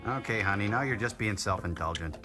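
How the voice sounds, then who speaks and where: A man making quick wisecracks while riffing on a movie. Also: fairly low pitch, over music.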